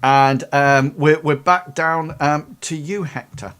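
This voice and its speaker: A man narrating as game master of a tabletop game, halting with frequent ums. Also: a little high, steady tone, fairly bright tone. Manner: halting, many ums and uhs.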